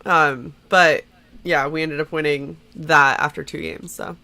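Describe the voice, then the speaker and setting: Congested woman player, bright chatty voice, quick laughs. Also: low-pitched, fairly even intonation, gravelly. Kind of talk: casual chat.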